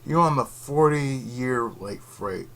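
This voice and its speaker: A man ranting in a casual vlog from his bedroom, rambling and sarcastic, who keeps slipping into mocking high voices and laughing. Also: animated, takes it slowly, a bit bright. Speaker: YouTube channel host. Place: his own bedroom setup.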